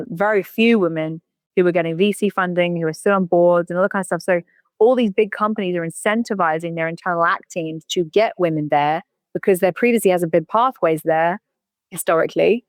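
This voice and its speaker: Fast, blunt woman, very dry sound. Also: on the low side, no room sound. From United Kingdom. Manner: blunt, emphatic, swears casually. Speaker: guest, agency founder. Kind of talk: casual interview chat.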